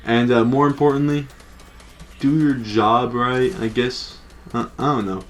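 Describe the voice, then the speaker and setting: A man's voice: mid-range voice, steady tone, a little slow. A young adult man telling a story in a casual, loose, slangy way, full of "like" and swearing. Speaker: storytime vlogger.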